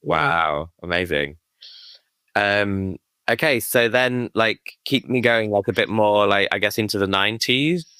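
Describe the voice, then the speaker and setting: Deep crisp-voiced British interviewer. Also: male voice, unhurried, sharp tone, no echo. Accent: British English. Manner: encouraging, brief backchannels. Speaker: podcast host.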